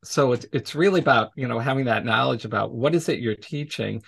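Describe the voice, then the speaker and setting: Male educator, mid-pitched, slight vocal fry; relaxed interview storyteller, acts out quoted lines with a laugh. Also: brisk. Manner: acts out quoted voices in anecdotes, laughs often. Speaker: podcast guest, educator.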